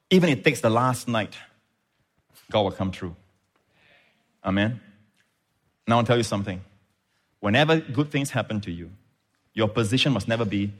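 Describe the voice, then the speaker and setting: A man's voice: medium pitch, fairly bright tone. A man preaching a sermon as pastor, building fervor and punctuating with frequent amens.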